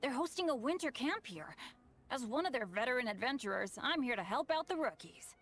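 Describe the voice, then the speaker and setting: A woman voicing a cheerful, hapless young boy adventurer who is earnest and quick to apologize in game dialogue. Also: on the high side, very animated, fairly bright tone.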